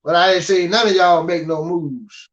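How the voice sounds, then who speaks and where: A man's voice: sits high, steady tone, moderate pace, a bit bright. An older man from the United States gives a blunt, scolding monologue and keeps asking "you understand?". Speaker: guest speaker. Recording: dull lo-fi audio.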